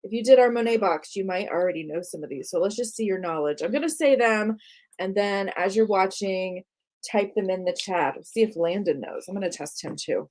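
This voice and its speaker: A woman's voice: medium pitch, a little fast, darkish tone. A woman hosting a live art tour for kids, playfully quizzing a child on words and laughing often. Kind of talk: live-stream lesson for kids.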